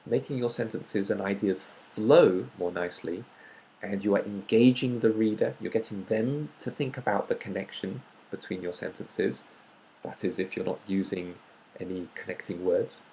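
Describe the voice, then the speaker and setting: A man teaches a grammar lesson. He explains patiently and step by step, often pausing on an um before he goes on. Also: lowish voice, creaky, dark tone, low-quality recording. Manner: patient, explanatory, with frequent ums. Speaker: tutor.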